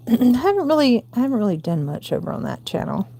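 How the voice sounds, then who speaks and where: Woman, 40s, southern us accent, gravelly, mellow dark tone, chatty crochet tutorial, counting stitches. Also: a little high, very animated, quick pace. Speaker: crochet livestream host. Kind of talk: casual crochet tutorial chat.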